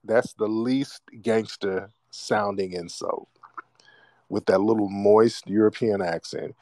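A man's voice: lowish voice, fairly even intonation, slow pace, darkish tone, dry recording. An American man hosting a call-in radio show, mocking and trash-talking his callers. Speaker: radio host.

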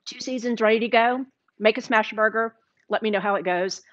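A woman's voice: a little high, fairly quick, fairly bright tone, no echo, dull audio. A woman with a Southern US accent hosting a live cooking stream, chatty and enthusiastic, sometimes talking with her mouth full. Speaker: cooking show host. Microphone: sits with a microphone.

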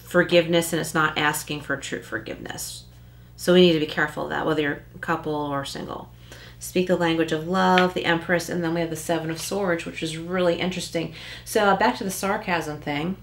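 A woman's voice: low-pitched, a bit bright, slight background noise. A woman giving a casual tarot reading, chatty, with many likes and rhetorical rights, now and then acting out short quoted lines. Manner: acts out little quoted lines. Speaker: tarot card reader.

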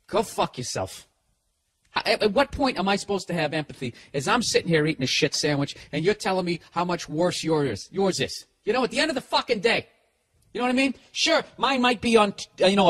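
Husky, ranting middle-aged man. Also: sits high, a bit bright. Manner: profane, sarcastic, rambling rant. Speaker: podcast host. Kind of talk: ranting comedic monologue.

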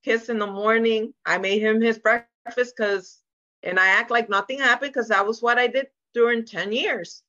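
A woman's voice: on the high side, steady tone, moderate pace, pushed and bright, dull audio. A woman, a guest on a sit-down podcast, telling her personal story in an earnest, emotional way and acting out what people said. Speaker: interview guest. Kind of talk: candid sit-down podcast conversation.

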